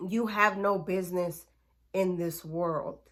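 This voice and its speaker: A woman's voice: fairly low pitch, fairly even intonation, slow pace. A woman voicing a blunt, protective young gang member who speaks curtly and firmly. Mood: warning. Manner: curt, warning, firm.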